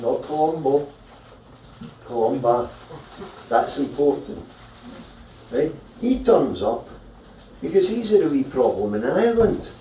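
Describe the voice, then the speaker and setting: A man's voice: medium pitch, warm tone, slight background noise. A man doing stand-up comic storytelling at a live show, chatty and irreverent, with swearing and frequent checks of "right?". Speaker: stand-up comedian. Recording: roomy, distant mic at a live show.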